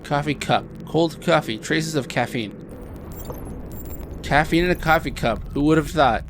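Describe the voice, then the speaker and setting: A man's voice: a little high, a little slow, noisy background. Wry man doing gameplay commentary. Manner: wry, reading in-game text aloud with asides.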